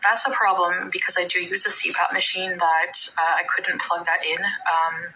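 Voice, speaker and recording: Woman vlogger, tense bright tone, lower pitch, rambling chatty delivery. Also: little pitch movement, moderate pace, a little hiss or hum, poor audio. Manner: rambling, many fillers and restarts. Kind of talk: casual storytelling vlog.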